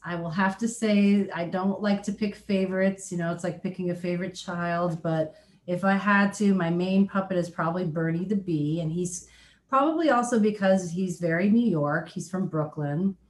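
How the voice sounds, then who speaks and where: A woman's voice: lowish voice, normal speed. Woman chatting in an echoey room. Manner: chatty, laughs often, lots of ums and restarts. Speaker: children's musician, guest. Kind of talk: casual interview chat. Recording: roomy echo.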